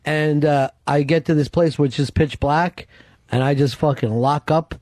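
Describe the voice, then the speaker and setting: A man hosting a radio talk show, telling profane, animated stories from his past. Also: a little high, measured pace, dry recording. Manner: animated, swears constantly, acts out voices in stories. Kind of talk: profane storytelling chat. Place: radio studio.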